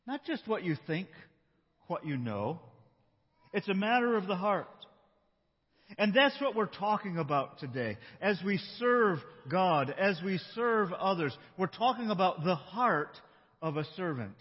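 A man pastor delivers a sermon in an easy, storytelling way, slowing down to stress his points. His voice is somewhat high and husky. It carries a long hall reverb with a dull, muffled tone. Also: sing-song. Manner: conversational, slows for emphasis.

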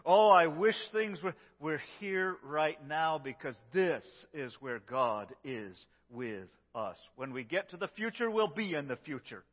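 A man preaching a sermon as pastor, his delivery emphatic and swinging between loud lines and hushed ones. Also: medium pitch, big pitch swings, measured pace, hardly any pauses. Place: church sanctuary. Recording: lo-fi echoey church recording.

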